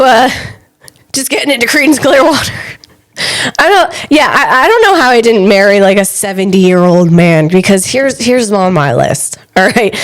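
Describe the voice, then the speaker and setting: A young woman talks on her own podcast in a loose, rambling way. Her voice sits mid-range, and she laughs at herself often. Now and then she breaks into short snatches of song. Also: medium pitch. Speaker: podcast host. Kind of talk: casual solo chat.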